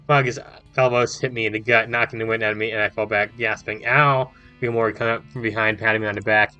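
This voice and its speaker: A young man reading a visual novel aloud with animated, swearing reactions as a gaming host. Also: lowish voice, quick pace, few pauses, soft background music, poor audio.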